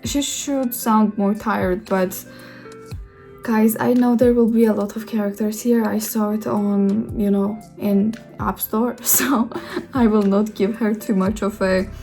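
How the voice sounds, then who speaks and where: Woman streamer, casual asides to viewers; slow, with vocal fry. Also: medium pitch, fairly even intonation, mellow. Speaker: game streamer. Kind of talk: casual commentary over gameplay. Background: faint music.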